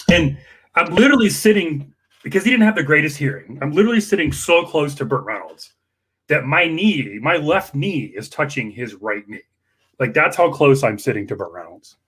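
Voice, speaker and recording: A man telling a long personal anecdote in an emotional, animated way, acting out the people in it. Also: a little high, normal speed, husky. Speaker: campaign worker guest. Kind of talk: storytelling anecdote.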